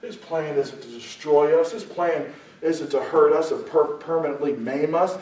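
A man preaching a sermon, speaking emphatically and building to loud, passionate peaks. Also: on the high side, normal speed. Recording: very echoey room, voice far from the mic.

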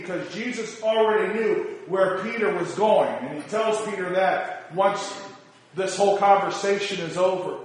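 A man preaching a sermon with passion, driving points home through repeated phrases and shouted emphasis. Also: high voice, normal speed. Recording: echoey hall with long reverb.

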